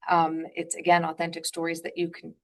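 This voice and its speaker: A woman hosting a webinar interview over a video call, talking fast and upbeat, with frequent ums and rights. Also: low voice, monotone. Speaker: webinar host.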